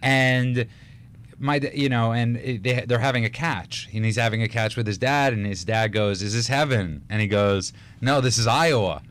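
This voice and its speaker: Co-hosting a casual radio talk show, a man rambles through stories with many restarts and laughs. He speaks at normal speed with a medium-pitched, somewhat bright voice.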